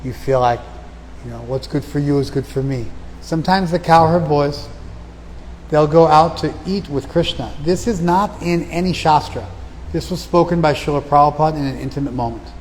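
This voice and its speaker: A man giving a spiritual lecture. He recites verses slowly and then explains them in plain, conversational talk. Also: fairly high pitch, a little mellow, in a large hall, a little hiss or hum, low-quality recording. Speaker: lecturer on scripture. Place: outdoor festival.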